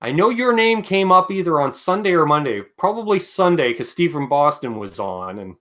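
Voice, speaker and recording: A man's voice: a little high, sing-song, moderate pace, a bit bright. A man hosting a casual livestream chat, joking and reading viewer comments aloud. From Canada. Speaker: livestream host.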